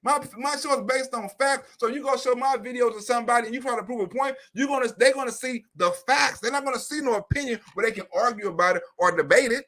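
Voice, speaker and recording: A man's voice: very high voice, fast, hardly any pauses. A man hosting his own online comedy show, talking off the cuff in a rambling, profane monologue with frequent laughs. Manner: profane, rambling, animated, laughs between points. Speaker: comedian and YouTube host. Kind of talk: unscripted livestream monologue.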